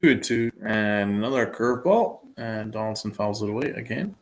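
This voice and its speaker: A man co-hosting a casual live watch-along who calls each pitch and swears when his team struggles. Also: expressive, moderate pace. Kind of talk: casual play-by-play over a live game.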